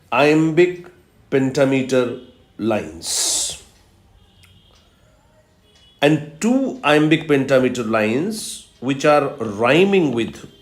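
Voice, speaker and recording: A man giving a recorded lecture on poetry, teaching slowly and emphatically with repetitions and fillers. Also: mid-range voice. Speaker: English literature lecturer. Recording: echoey room.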